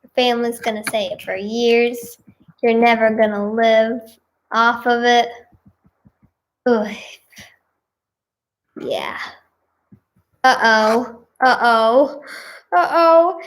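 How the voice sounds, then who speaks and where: Woman, higher voice, slow unhurried delivery, giggly exclamatory reactions, casual reading aloud. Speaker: singer and video creator.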